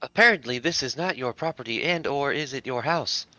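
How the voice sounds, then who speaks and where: A man playing a tabletop game in character, speaking in a formal, deadpan way. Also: mid-range voice, fairly quick. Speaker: player. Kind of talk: in-character tabletop role-play.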